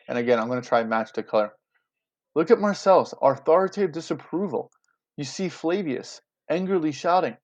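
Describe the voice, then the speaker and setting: A man's voice: medium pitch, creaky, darkish tone. A male teacher casually explaining a play to his students, speaking to them directly, recorded with dull lo-fi audio. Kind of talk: classroom lesson explaining a play.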